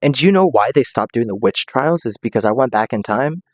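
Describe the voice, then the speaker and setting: A man's voice: mid-range voice, animated, a little fast, dry recording, clean studio sound. A man streaming, rambling through a comedic monologue, often laughing and acting out quotes in silly voices.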